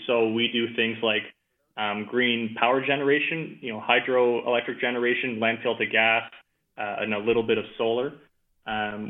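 A man from Ottawa, Canada, a podcast guest who talks easily, with many fillers and repeated words. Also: medium pitch. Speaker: podcast guest, energy professional. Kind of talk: casual interview conversation. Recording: tinny phone-like line.

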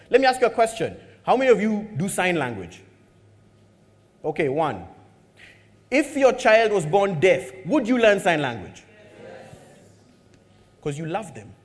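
A man preaching a sermon, animated and humorous, acting out bits of dialogue as he tells a story. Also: high voice, in a large hall. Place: church hall.

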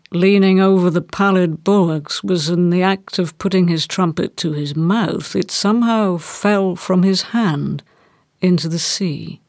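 A woman reading a classic novel aloud in a measured, deliberate way. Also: fairly low pitch, no echo, studio quality. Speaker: audiobook reader. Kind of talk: literary reading.

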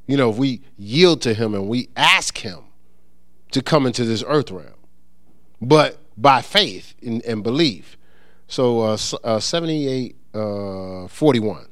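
A middle-aged man delivering a relaxed, conversational sermon, his pitch rising and dropping in lively swings as he builds a point. He reads scripture slowly, then breaks into quick, restarting explanation. The sound is dry and close, with no room echo. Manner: conversational, animated, with many restarts and sports anecdotes. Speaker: preacher. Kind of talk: informal sermon with scripture reading.

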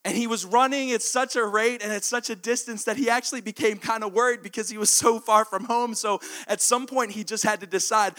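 A man preaching a sermon, telling a story in an animated way that sometimes drops to hushed, intimate tones. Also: high voice, a little fast, hardly any pauses.

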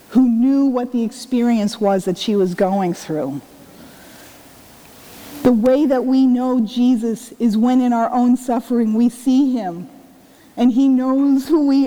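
Middle-aged woman pastor, high voice, conversational and earnest sermon, long church reverb. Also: dark tone. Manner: conversational, earnest, asks rhetorical questions. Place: church sanctuary.

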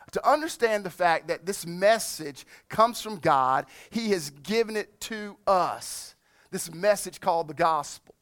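High-voiced emphatic preaching pastor. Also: male voice. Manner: emphatic preaching, slows and rises on scripture, drops soft on reflection. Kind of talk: sermon.

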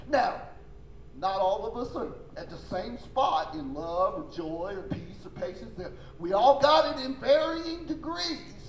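A man's voice: extremely high pitch, reverberant, a little hiss or hum, rough recording. A man preaching a sermon as pastor, emphatic and folksy, calling out to his congregation for responses. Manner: folksy, informal phrasing.

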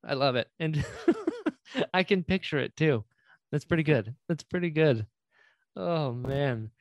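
A man's voice: on the high side, no echo, highs cut off. A man hosting a podcast interview, chatting casually and laughing often. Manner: laughs often, quick to agree. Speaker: podcast host.

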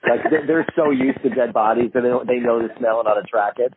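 A man calls in as a podcast guest and tells his story with lively energy, jumping into the voices of the people in it. His voice sits in an ordinary middle range for a man. It comes through a narrow, tinny phone line with a faint hiss underneath. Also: medium pitch, quick pace. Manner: animated, acts out other people's lines in a raised voice. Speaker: guest filmmaker. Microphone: phone call.

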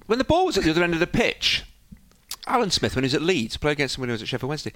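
A former footballer telling animated stories in casual chat. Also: male voice, sits high, very fast, dry recording. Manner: animated storyteller.

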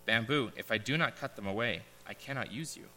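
A man voicing a gentle, grave male master of a garden in a read-aloud parable, speaking quietly and slowly. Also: medium pitch, a little hiss or hum, close to an everyday voice. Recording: echoey large hall.

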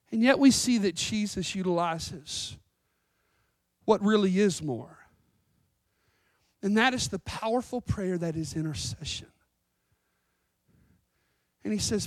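A woman pastor preaching a sermon, earnest and emphatic, slowing down to stress lines of scripture. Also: medium pitch, expressive, no room sound, clean studio sound. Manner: earnest, emphatic, with scripture readings and dramatic slowdowns.

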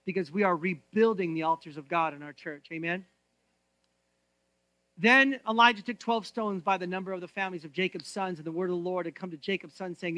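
A man preaching a church sermon, swinging between loud proclaiming and hushed, intense reading of scripture. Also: sits high, dry recording. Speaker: pastor.

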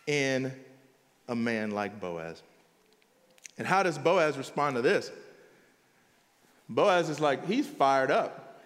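A man preaching a sermon in an animated way, with quick asides and frequent laughter. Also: fairly high pitch, big-room sound. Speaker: pastor.

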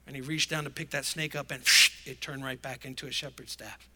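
Bright-voiced man preaching emphatically. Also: mid-range voice, little pitch movement, fairly quick, a little hiss or hum. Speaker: pastor. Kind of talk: sermon.

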